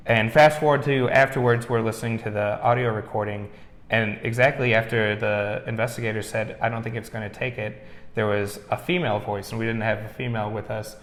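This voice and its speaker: A man, a museum owner being interviewed, telling his stories in a relaxed way and often saying "you know". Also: fairly low pitch. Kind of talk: casual interview chat. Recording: echoey room with long reverb.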